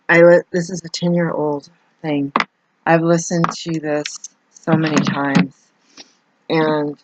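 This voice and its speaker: A woman's voice: low-pitched, a little hiss or hum. A woman talking through a personal confessional monologue as a vlogger. She rambles and hesitates, restarting her sentences often. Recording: dull, dry lo-fi recording.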